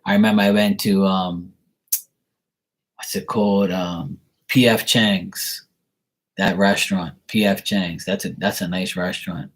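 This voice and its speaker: A Bermudian vlogger answers viewer questions in a relaxed, wandering monologue, chatty and digressive, imitating the voices of people he quotes. He speaks low and husky, at a measured pace with little pitch movement.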